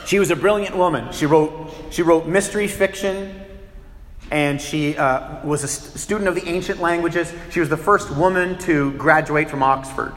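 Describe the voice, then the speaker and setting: A man preaching as a pastor, his voice pitched a touch high and carried through a roomy, echoing hall with a long reverb. He talks in an animated way, acting out little scenes with shifting voices. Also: normal speed. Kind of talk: sermon.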